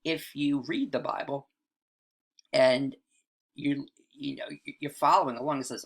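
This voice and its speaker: A man's voice: medium pitch, fairly even intonation, a little slow, vocal fry. Guy teaching writing, casual lecture, keeps saying right? and all right. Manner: chatty, frequent "right?" and "all right" asides.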